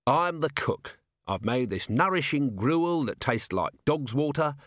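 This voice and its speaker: A man voicing a gruff, sharp-minded male watch commander who questions in a brisk, impatient way. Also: mid-range voice, lively intonation, dry recording, clean studio sound, pitched above the performer's own voice. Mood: probing.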